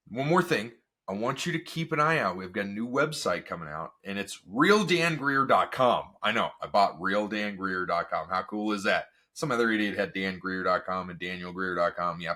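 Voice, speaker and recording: Energetic guy talking on his podcast, bright voice, pitch all over the place. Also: moderate pace. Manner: energetic, animated, rhetorical questions. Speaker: podcast host. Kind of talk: casual solo podcast monologue.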